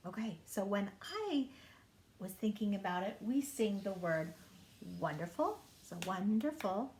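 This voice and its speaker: A woman leading a children's singing lesson, talking gently and encouragingly to the children. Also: mid-range voice, big pitch swings, a little slow, roomy sound, slight background noise. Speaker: primary singing time leader.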